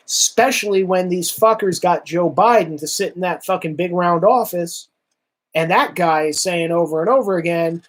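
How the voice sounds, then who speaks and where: A man's voice: high voice, normal speed. A man hosting a livestream, delivering a heated, profane political rant with sarcasm and reading viewer comments. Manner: heated, swearing, sarcastic, animated.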